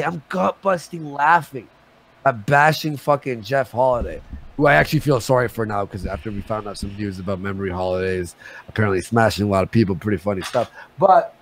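Gravelly, heated man arguing on stream. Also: mid-range voice, slight background noise. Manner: agitated, swearing, rapid shifts in loudness; talks in quick bursts with restarts. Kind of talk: heated argument on a live stream.

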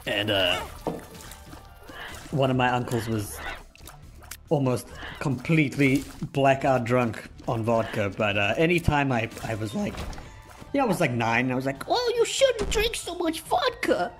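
A man's voice: medium pitch, unhurried, long pauses, soft background music. A young man giving rambling, sarcastic commentary while playing a game, often trailing off and restarting his sentences. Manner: wandering, sarcastic, self-interrupting. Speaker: gaming YouTuber. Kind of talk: rambling commentary over gameplay.

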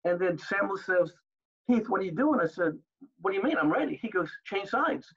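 An older man telling stories as an interview guest, animated, acting out the exchanges he recalls. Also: sits high, fairly quick, slightly rough, dull audio. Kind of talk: storytelling in an interview.

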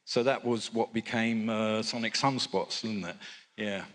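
An older Englishman with a low, easygoing voice tells stories from the recording studio. He rambles a little, trails off into asides and fills the gaps with "you know" and "um". He sounds like a guest on stage at a fan convention. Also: fairly even intonation, measured pace, fairly bright tone. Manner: rambling, many fillers and asides, chuckles. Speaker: record producer, interview guest. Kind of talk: relaxed anecdotal storytelling.

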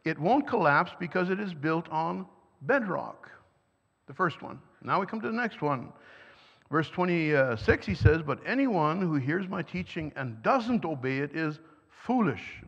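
A man's voice: on the high side, animated, a little slow, a bit bright, slightly rough. A man preaching a sermon, earnest and emphatic, often asking his listeners questions. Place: church hall. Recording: dull sound, long reverb in a hall.

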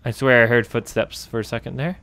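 A man's voice: medium pitch, fairly even intonation, fairly quick, fairly bright tone, clean tone, no echo. A man playing a horror game and commenting as he goes, talking to himself, cursing often and easily startled. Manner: jumpy, swears a lot, talks to himself. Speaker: gaming channel host.

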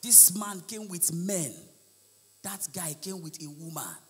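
Loud high-pitched Nigerian comedian shouting punchlines. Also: male voice, a little slow, in a large hall, noisy background. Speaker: stand-up comedian. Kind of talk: live stand-up comedy. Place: large live comedy venue with audience.

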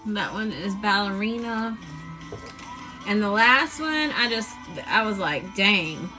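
Slow, chatty woman on a craft live stream. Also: medium pitch, expressive, over music, low-quality recording. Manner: chatty, drawn-out and enthusiastic, with fillers. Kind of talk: casual live-stream chat.

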